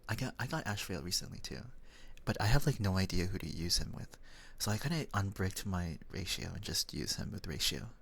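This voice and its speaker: A young man from the Philippines chatting with his chat in a soft, whispered role-play style, giggling often. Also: low voice, expressive, a little fast, gravelly, slightly rough. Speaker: streamer.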